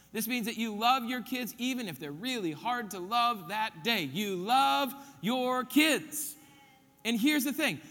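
High-voiced man preaching in a reverberant church. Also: pushed and bright. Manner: emphatic, repeats key points, counts them off. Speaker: pastor. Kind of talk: sermon.

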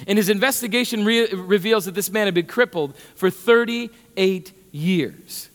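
High-voiced male preacher in a reverberant hall. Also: unhurried. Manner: conversational, repeats words, gets animated. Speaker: pastor. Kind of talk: sermon.

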